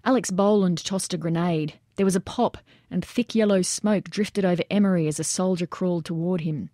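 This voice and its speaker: A woman reading nonfiction narration aloud in steady storytelling style. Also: on the low side, moderate pace, no room sound, studio quality. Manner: steady storytelling that acts out shouted quotes.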